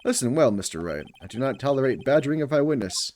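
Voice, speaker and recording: A man's voice: mid-range voice, big pitch swings, quick pace, a little mellow, lightly acted. A man voicing a stern, arrogant older prosecutor who speaks in cold commands. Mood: commanding.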